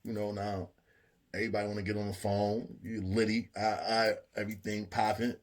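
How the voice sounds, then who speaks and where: A man telling a story in a laid-back, slangy way with quiet asides. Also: fairly low pitch, flat delivery, brisk. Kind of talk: casual storytelling.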